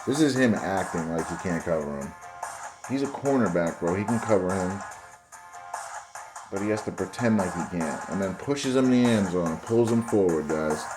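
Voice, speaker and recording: Deep-voiced man ranting about plays. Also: lively intonation, moderate pace, music in the background. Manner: exasperated ranting, keeps addressing viewers as guys and bro. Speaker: football commentary channel host. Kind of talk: casual video commentary over game footage.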